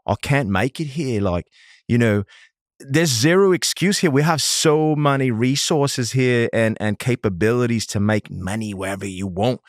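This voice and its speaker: A man putting on a deliberately bad Australian accent to play a blunt Australian man who is fed up with excuses. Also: medium pitch, no echo, studio quality, close to an everyday voice. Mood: scolding. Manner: exaggerated, mocking imitation.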